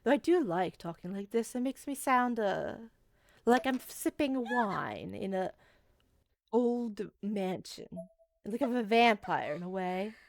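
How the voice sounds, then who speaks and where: A woman putting on the voice of a demure, vampire-like fancy lady, talking very slowly and measured. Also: mid-range voice, lively intonation, vocal fry. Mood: languid. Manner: very slow and measured.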